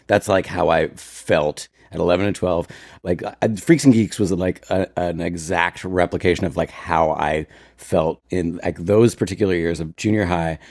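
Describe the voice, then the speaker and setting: Lower-voiced man in his forties, gravelly and lively, casual podcast co-host, dry close mic. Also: moderate pace, no echo. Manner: animated, easily amused, talks while eating. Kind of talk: casual chat.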